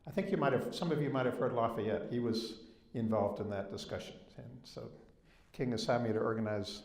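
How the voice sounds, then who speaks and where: Older Southern-accented male speaker telling stories, emphatic, mid pitch, roomy echo. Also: a little fast, darkish tone. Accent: Southern American. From Southern United States. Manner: storytelling, emphatic on key points. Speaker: guest speaker. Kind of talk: public talk. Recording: echoey room.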